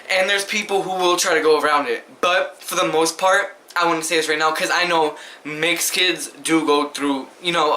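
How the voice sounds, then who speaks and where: A man's voice: a little high, bright, forceful tone, slight background noise. A young man vlogging to camera, answering questions in a casual, emphatic and indignant way, often asking the viewer rhetorically.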